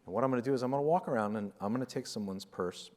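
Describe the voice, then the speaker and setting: A man giving a motivational conference talk, telling a parable in a jokey, rambling, animated way. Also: medium pitch, very fast, big-room sound. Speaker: conference keynote speaker.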